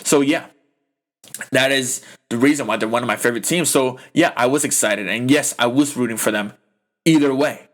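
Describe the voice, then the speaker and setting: A man's voice: medium pitch, a little fast, a bit bright. A young man hosting a podcast, ranting about a football game in a heated, profane, rambling way full of fillers. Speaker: podcast host. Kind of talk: casual sports rant.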